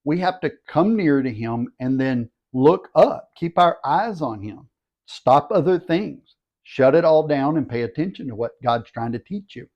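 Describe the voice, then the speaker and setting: A man's voice: fairly high pitch, unhurried. Older man teaching scripture, dull lo-fi sound. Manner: steady, explanatory teaching tone. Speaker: Bible teacher. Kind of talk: scripture reading and commentary.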